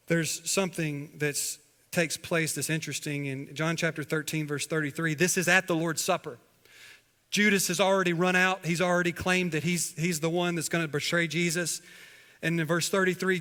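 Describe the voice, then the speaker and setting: A male pastor preaching from the pulpit, his fairly high voice hanging in the long reverb of a big church hall. He moves from loud, pressing emphasis to hushed, quiet lines, and he voices the quoted dialogue in a softer tone. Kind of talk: sermon. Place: church sanctuary.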